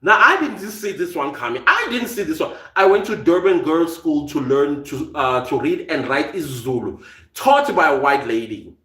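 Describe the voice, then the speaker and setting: Bright and forceful, this man's slightly high voice swings widely in pitch at normal speed, in an echoey room. A South African with a faint American tinge, he hosts a live podcast in casual stream chat, reading viewer comments and laughing frequently.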